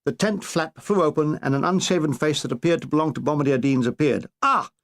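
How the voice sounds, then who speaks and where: A man reading a comic war memoir aloud in a wry, deadpan way. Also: fairly high pitch, fast. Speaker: narrator.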